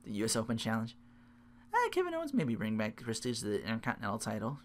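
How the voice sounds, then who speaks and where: A man's voice: on the low side, wildly swooping pitch, fast talker, slight background noise. A tired man hosting a solo podcast, rambling and interrupting himself as he recaps. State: sleep-deprived. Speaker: podcast host.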